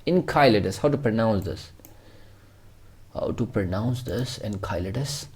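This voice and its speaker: A man's voice: fairly low pitch, lively intonation, unhurried, darkish tone, breathy edge. A man teaching a casual coding tutorial, rambling and swearing freely as he jokes with himself. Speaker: programming tutor.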